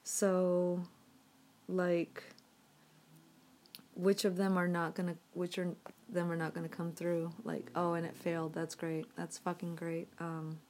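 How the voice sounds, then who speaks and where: A woman's voice: fairly low pitch, monotone, slow pace, long pauses, a little mellow, slight background noise. A woman vlogging to her audience on a phone, rambling with many fillers and frequent swearing. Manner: frustrated, swearing, filler-heavy. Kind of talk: casual rambling to camera.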